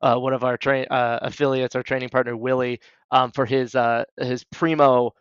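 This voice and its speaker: A man's voice: mid-range voice, level tone, moderate pace, clean tone, no room sound, lo-fi sound. A man co-hosting a casual podcast chat, easygoing, laughing often, with hesitant fillers. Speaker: podcast co-host.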